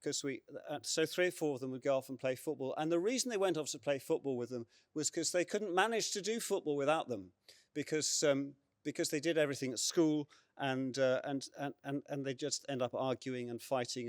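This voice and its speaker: Middle-aged English man on a panel, earnest and halting, average pitch, dry close mic. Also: dry recording. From England. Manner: earnest, halting with many fillers and repeated words. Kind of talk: conference panel talk.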